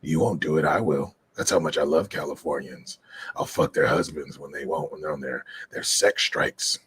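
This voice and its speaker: Man doing a raspy sleazy politician. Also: steady tone, normal speed, background noise. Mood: smug mocking. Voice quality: raspy, low and drawling. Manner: smug, mocking, lazy delivery. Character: sleazy raspy middle-aged male politician.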